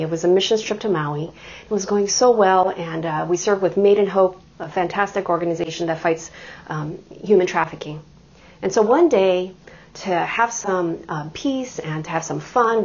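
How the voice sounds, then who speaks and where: Brief: middle-aged woman preacher, husky, sermon with humorous personal anecdotes, slightly muffled recording. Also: fairly low pitch. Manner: warm storytelling with self-deprecating humor and laughter.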